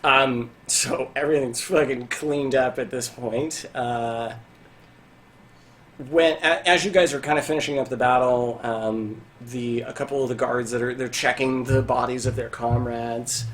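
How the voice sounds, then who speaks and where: A man's voice: medium pitch, steady tone, a little slow. A man game-mastering a tabletop game, narrating in a rambling way with lots of fillers and swearing.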